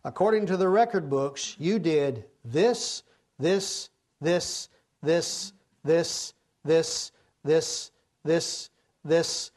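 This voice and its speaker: A man voicing a stern male God passing judgment in slow, grave pronouncements. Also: fairly high pitch, a little mellow.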